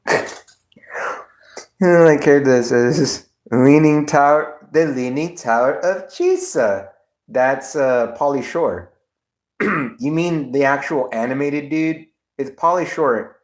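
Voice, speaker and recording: A man's voice: medium pitch, takes it slowly. A man live streaming, chatting casually with viewers in a rambling, laughing way with plenty of swearing. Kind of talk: casual livestream chat.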